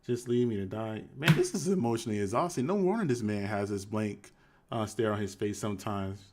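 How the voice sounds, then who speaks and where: Guy doing a live commentary stream, reads texts out then reacts, casual talky delivery. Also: a little fast. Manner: conversational, shifts to flat low reading voice for quoted texts. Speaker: commentary host. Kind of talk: live commentary reading text messages aloud.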